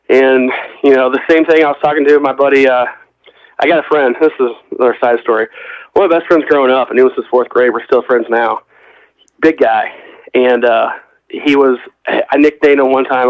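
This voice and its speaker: A man's voice: mid-range voice, fairly even intonation, a little fast, no room sound. A middle-aged man chats as a podcast guest, winding through long anecdotes and acting out what others said. His voice is dry and close. The audio is dull and lo-fi. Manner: rambling storyteller, quotes others in conversation. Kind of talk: casual chat.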